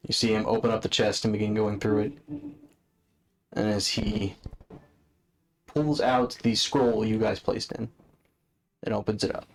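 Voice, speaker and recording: A man's voice: fairly low pitch, steady tone, measured pace, long pauses. Casual male game master narrating. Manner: casual, swears freely.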